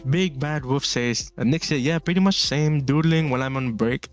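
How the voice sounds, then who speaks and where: A man's voice: medium pitch, moderate pace, soft background music. A man from the Philippines streaming casually while drawing, rambling, laughing often and reading chat messages aloud.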